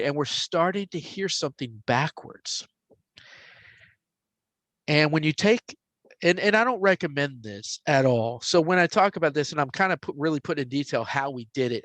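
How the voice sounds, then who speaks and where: A man in his forties casually telling a story, getting animated and hushing into whispers for quoted voices. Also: fairly high pitch, moderate pace, no echo. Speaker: podcast host telling a story.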